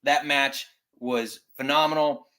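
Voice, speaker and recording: A man's voice: a little high, steady tone, unhurried, pushed and bright. A man in his thirties hosting a podcast, chatting casually as he runs through his picks. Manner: conversational, runs through rankings. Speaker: podcast host. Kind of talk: casual chat.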